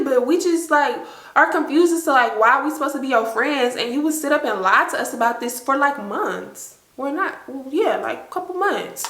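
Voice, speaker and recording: A young woman with a bright, fairly high voice tells a story to her viewers. She talks in an animated, casual way, leaning on "like" and acting out what people said. The room gives her voice an echo. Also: moderate pace. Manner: animated, heavy use of "like", acts out quotes. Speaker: storytime vlogger.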